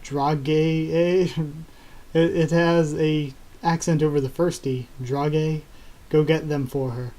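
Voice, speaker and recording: A man talks through a comic chapter in a casual live reaction, breaking into laughs and excited exclamations. His voice sits a bit high, with a mellow, soft tone. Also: slow. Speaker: YouTuber reacting to a manga chapter.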